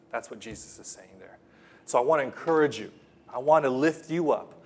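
Guy preaching a sermon, husky voice, goes quiet then gets loud and fired up. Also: mid-range voice. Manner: impassioned preaching, swings from soft to loud; repeats phrases for emphasis, with restarts. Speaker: pastor.

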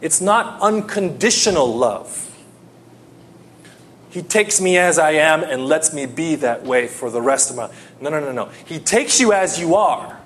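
A man preaching a sermon, telling a personal story and swinging between loud pleading and hushed tones. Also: fairly high pitch, lively intonation, measured pace, a little hiss or hum.

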